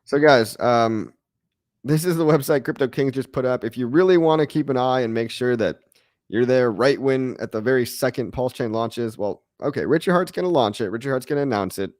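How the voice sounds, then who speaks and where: A man's voice: mid-range voice, brisk, darkish tone. A male livestream host with a mid-range voice, talking loosely and chattily to his viewers. He keeps calling them "guys" and chuckles between points. The sound is dry and close, with no room echo. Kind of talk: casual livestream chat.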